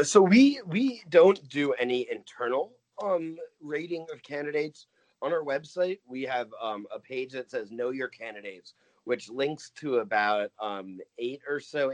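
A man in a casual interview, explaining his work earnestly and talking through his thoughts, full of "like" and restarts. His voice sits at an average pitch for a man, recorded dry and close with no room sound. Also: lively intonation, a little slow, no echo, low-quality recording. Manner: earnest, thinks aloud with many fillers and restarts. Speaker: guest from a voter turnout nonprofit.

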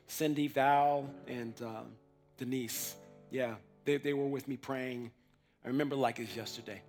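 A man telling a personal faith story in a casual way, acting out his own past words as quotes. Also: medium pitch. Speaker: person giving a testimony.

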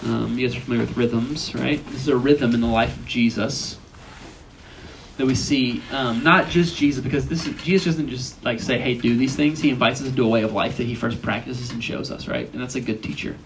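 A man's voice: medium pitch, steady tone, fairly quick, gravelly, a little hiss or hum, poor audio. A young man giving a casual, conversational sermon at a college retreat, often asking the listeners questions. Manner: chatty, asks the audience questions.

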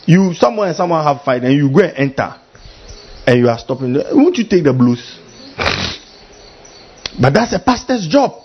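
A man preaching a sermon as pastor, animated and full of mimicry, with a husky voice. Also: on the high side, normal speed, long pauses, muffled recording.

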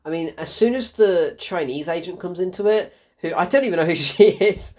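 Woman reviewer, low-ish voice, exasperated ranting with laughs. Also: brisk, a little mellow. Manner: exasperated, swearing, laughing in disbelief. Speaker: film reviewer.

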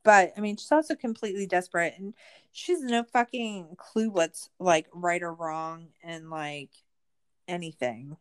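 Woman, casual true-crime recap, sarcastic, swears a lot, says "like" constantly, voice jumps high when exasperated. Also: a little slow, clean tone. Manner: sarcastic, swearing, many "like" fillers. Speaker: podcast host.

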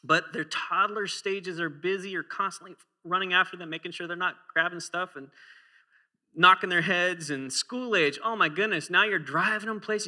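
Bright, tense-voiced male preacher. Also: high voice. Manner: conversational, humorous, asks the congregation questions. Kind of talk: sermon. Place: church.

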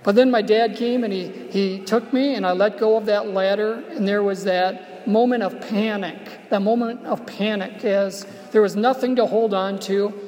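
A man preaching a homily, telling a personal story in a reflective way and slowing down softly on key phrases. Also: high voice. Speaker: Catholic preacher. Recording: long church reverb.

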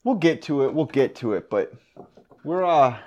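A man hosting a podcast, telling a rambling story in casual chat from his car, animated and swearing, trailing off and restarting. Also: mid-range voice, normal speed, muffled recording, a little hiss or hum. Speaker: podcast host. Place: in his car, parked then driving. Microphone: handheld audio recorder.

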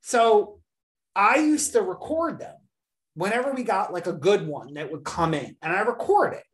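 Mid-range in pitch and moderate in pace, a woman hosts a podcast and shares a long story during a casual chat. She tells it with animation, acting out the people she quotes.

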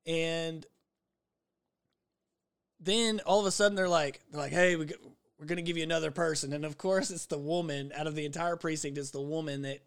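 Animated man retelling movie scenes. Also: a little high, a little fast, clear, resonant tone. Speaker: podcast co-host. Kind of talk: casual movie-review chat.

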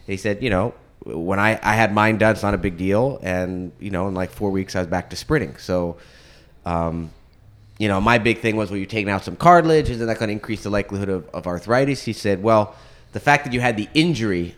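A man in casual conversation, telling a personal story in an animated way and laughing often. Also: fairly low pitch, brisk. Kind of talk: casual chat.

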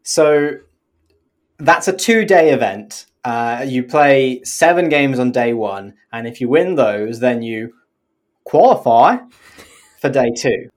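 Her voice is a rumbling low, and she takes it slowly as she lays out the rules on the podcast she co-hosts. The chat is casual, full of laughter, with the odd swear word and silly accents on single words.

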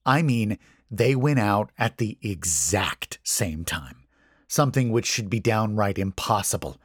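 A man reads a horror story aloud in a low, hushed voice, tense throughout. He takes his time over every line, and the recording is dry and close with no room sound. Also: expressive, breathy edge, dry recording. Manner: slow, hushed, tense delivery. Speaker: narrator. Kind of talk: scripted horror story narration.

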